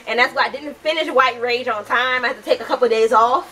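A woman's voice: fairly high pitch, fast talker, sharp tone, distant mic, low-quality recording. A young woman from the United States giving a heated, casual book review, swearing often and talking animatedly.

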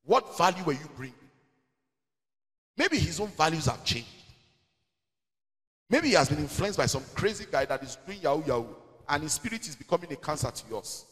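High, lively Nigerian pastor in a hall. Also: male voice, normal speed, pauses often. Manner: animated, emphatic, slipping into Pidgin asides. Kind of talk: preaching in a church Q&A. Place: church hall.

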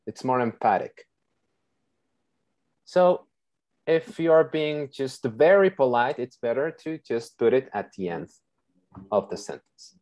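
A woman's voice: extremely low pitch, expressive, darkish tone. A woman teaching an online English class on a video call, patient and checking in with her students often. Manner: slow, patient, checks in with okay.

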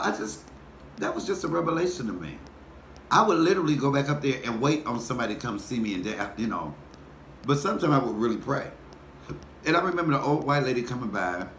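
A man, telling a personal story in a folksy, animated way while talking to his viewers. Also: medium pitch. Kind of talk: casual storytelling mukbang. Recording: echoey room with faint background noise.

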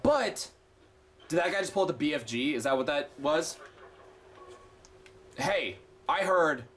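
A man casually commenting while playing a game, excitable and foul-mouthed, chatting to viewers. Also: fairly high pitch, a little slow. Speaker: gameplay streamer. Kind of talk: let's play commentary.

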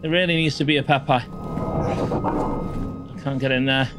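A man's voice: mid-range voice, steady tone, normal speed, over music. A man livestreaming a game. He chats to viewers and swears and yelps when something jumps out. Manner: chatty, swears and yelps at sudden scares. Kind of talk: live gameplay commentary.

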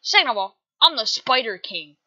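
A woman's voice: on the high side, animated, normal speed, pushed and bright, dull audio, slight background noise. A woman voicing a cocky, boastful male spider king who gets flustered easily. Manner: brash, flustered, joking.

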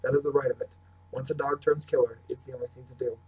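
A man voicing a grown farmer who speaks gently and steadily, heard from a distant mic. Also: mid-range voice, fairly even intonation, fast, a little hiss or hum, lightly acted. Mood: gentle.

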